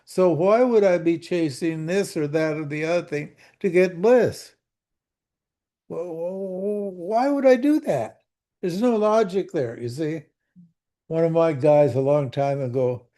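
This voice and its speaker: A man's voice: fairly high pitch, measured pace, warm tone. An older man teaching scripture over a video call in a folksy, conversational way, often asking his listeners questions and repeating words as he goes. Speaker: spiritual teacher.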